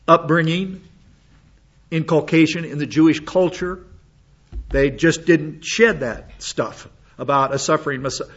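An older man, a pastor, preaches a sermon in a voice on the high side with a fairly bright tone. His style is folksy and rambling, full of restarts and asides, and the recording is slightly dull and lo-fi.

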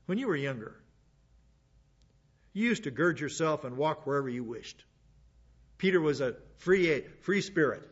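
A man's voice: on the high side, expressive, normal speed, pauses often, slightly rough, lo-fi sound. A man teaching a sermon in a conversational way, with asides between the verses he reads. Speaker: preacher.

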